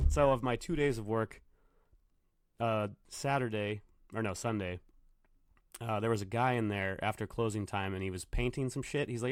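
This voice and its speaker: Man host, casual profane storyteller, smooth clear tone, dry close sound. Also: lowish voice, normal speed, no room sound. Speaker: podcast host, bartender. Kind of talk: casual solo podcast monologue. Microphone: computer microphone.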